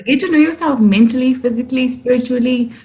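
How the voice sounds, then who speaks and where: Brief: young woman, animated podcast host, slightly high voice. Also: quick pace, low-quality recording. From South Africa. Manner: animated, exclamatory, laughs often. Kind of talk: casual podcast chat.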